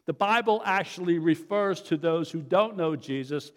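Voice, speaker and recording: A middle-aged male pastor preaches in an easygoing, anecdotal way, stumbling and restarting now and then. His voice sits a little high for a man. The sound carries the long reverb of a large church hall. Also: moderate pace. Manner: conversational, folksy, with fillers and restarts. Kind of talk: sermon with storytelling.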